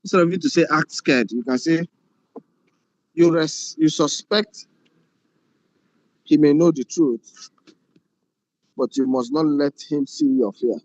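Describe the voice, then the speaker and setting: A man's voice: a little high, unhurried, pauses often, darkish tone, no echo, highs cut off. A man lecturing a film class on directing, often repeating phrases and asking rhetorical questions.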